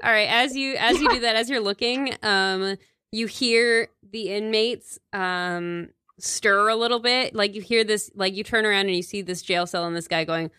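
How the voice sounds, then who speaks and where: A woman narrating as game master of a tabletop game, hesitant with many fillers and quick to laugh. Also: medium pitch, bright, forceful tone, smooth, dry recording, studio quality.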